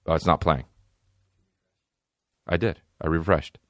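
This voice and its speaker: A man hosting a comedy podcast, ranting in a profane, animated way that swings from loud outbursts to low mutters. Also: unhurried, no echo, studio quality.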